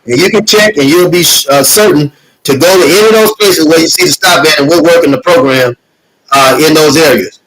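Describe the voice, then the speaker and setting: Emotional man addressing viewers, higher voice. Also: a little fast, fairly bright tone, poor audio. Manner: earnest, repetitive, preacher-like cadence with many fillers. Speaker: host of a streaming show. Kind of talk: live-stream address to viewers, reading comments.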